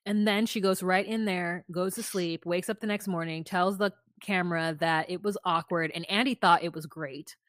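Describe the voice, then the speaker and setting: A woman's voice: fairly low pitch, fairly even intonation, moderate pace, few pauses, a bit bright, no room sound, clean studio sound. A woman co-hosting a podcast who recaps a reality show in casual chat, retelling scenes and acting out the quotes with sass. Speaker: podcast co-host.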